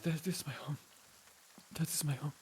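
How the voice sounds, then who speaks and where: A man's voice: on the high side, steady tone, moderate pace, slight background noise, pitched above the performer's own voice, natural voice. A game master voicing a shivering, wounded man in his forties who weeps and whispers through his grief. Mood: pleading. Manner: weeping, breathless whispers.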